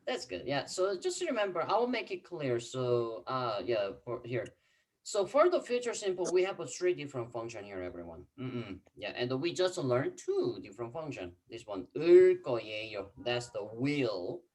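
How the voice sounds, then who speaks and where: A man whose first language is Korean, teaching an online class over a video call. He repeats key phrases and fills pauses with "mm-hmm.". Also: mid-range voice, big pitch swings, darkish tone.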